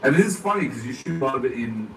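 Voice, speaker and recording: A man, an actor being interviewed, chatting casually, animated and laughing often as he acts things out. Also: mid-range voice, racing, vocal fry. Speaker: actor guest. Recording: echoey room from far off with faint noise.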